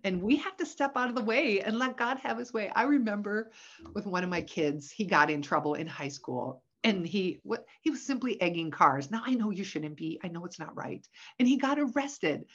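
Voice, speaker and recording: A middle-aged woman telling stories about motherhood and faith in a casual conversation, expressive and laughing often. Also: medium pitch, normal speed, lo-fi sound. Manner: expressive storyteller, animated when quoting, laughs often. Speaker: guest, Christian parenting author.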